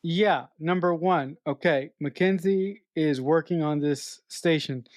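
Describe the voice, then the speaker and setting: A woman's voice: low voice, unhurried, a little mellow, no echo. A woman co-hosting a podcast, picking apart a film in blunt, exasperated casual talk full of swearing. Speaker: podcast co-host. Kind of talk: casual film review chat.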